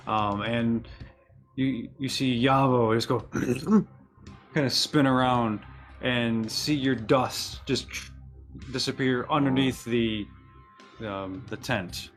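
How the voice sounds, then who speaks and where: A man narrating as game master of a tabletop game, halting and restarting often. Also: mid-range voice, fairly bright tone, faint music behind.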